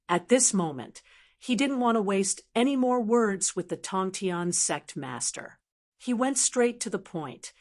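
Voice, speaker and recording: A woman narrating a fantasy novel as an audiobook, reading in a steady storytelling manner. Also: medium pitch.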